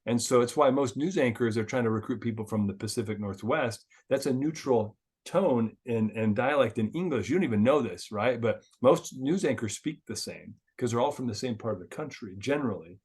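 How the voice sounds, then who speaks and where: A man's voice: medium pitch, brisk, few pauses, darkish tone, breathy edge. A man hosting a casual business chat, talking in a chatty way with lots of filler words.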